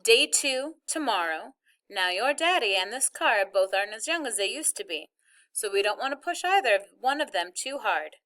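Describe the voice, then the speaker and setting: A woman reading a novel aloud, voicing an organized mother who lays out plans in a steady, matter-of-fact way. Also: a little high, moderate pace. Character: organized, practical mother explaining trip plans.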